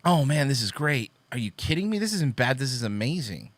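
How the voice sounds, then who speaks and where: A man's voice: mid-range voice, very animated, brisk, no echo. A man hosting a political commentary show, reading posts aloud and mocking them with sarcastic, profane asides. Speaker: host.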